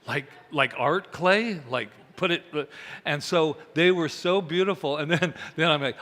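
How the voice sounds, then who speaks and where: A man's voice: fairly high pitch, a little slow. A man giving a chatty sermon, telling stories and acting out the voices of the people in them. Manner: chatty, animated, acts out quoted voices. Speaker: minister. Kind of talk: conversational sermon with storytelling. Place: church hall. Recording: reverberant hall.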